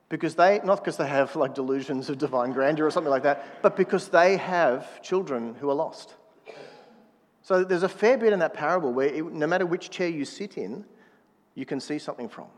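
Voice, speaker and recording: A man's voice: a little high, big-room sound. A man preaching a sermon in a conversational manner, prodding the congregation to answer back. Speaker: pastor.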